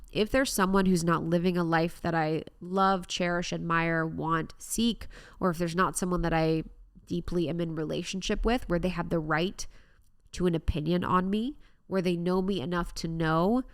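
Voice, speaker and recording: A woman's voice: fairly low pitch, creaky, no room sound, studio quality. A young woman hosting a solo self-help podcast, talking in an earnest, reflective way. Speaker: podcast host.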